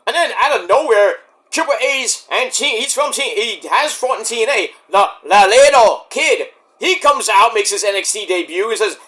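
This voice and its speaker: A man giving a casual, rambling recap of a show, excitable and profane. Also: high-pitched, normal speed. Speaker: wrestling show reviewer.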